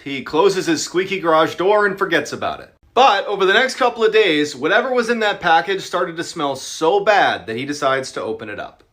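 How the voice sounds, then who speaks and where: A man's voice: on the high side, bright, forceful tone. A man narrating creepy true stories with a dramatic, suspenseful delivery. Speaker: storyteller.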